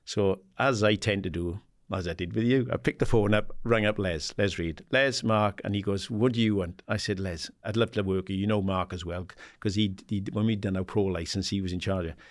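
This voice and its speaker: A man in his sixties from England, a guest in an interview, telling animated stories and acting out the dialogue. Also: lowish voice, a little fast, few pauses. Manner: animated anecdotes, acts out quoted dialogue, laughs often; swears casually, says "mate". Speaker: guest, former footballer and assistant manager. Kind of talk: casual storytelling interview.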